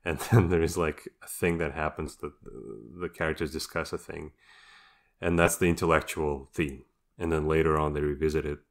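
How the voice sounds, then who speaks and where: A man with an exceptionally deep voice talks through a casual podcast discussion. His manner is sardonic and mocking. He sounds like a guest offering cutting opinions. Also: steady tone, normal speed, creaky.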